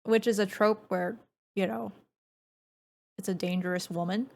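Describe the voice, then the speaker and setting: Woman streamer, casual game commentary, chatty and rambling, relaxed low voice. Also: moderate pace, creaky. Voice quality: naturally low, relaxed speaking voice. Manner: rambling, filler-heavy, chatty.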